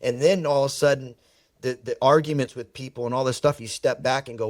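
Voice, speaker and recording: A man in a podcast chat, spinning personal stories with animated, emphatic delivery and repeated words for effect. His voice sits at an ordinary middle pitch. The recording is close and dry, with no room sound. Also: a little fast, no echo. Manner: animated storyteller who acts out quoted dialogue. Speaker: podcast guest. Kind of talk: personal storytelling in conversation.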